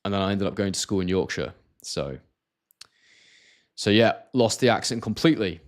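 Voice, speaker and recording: A man's voice: lowish voice, animated, normal speed. A man from Scotland hosting a casual live stream, reading out viewer comments and talking with many hesitations and restarts.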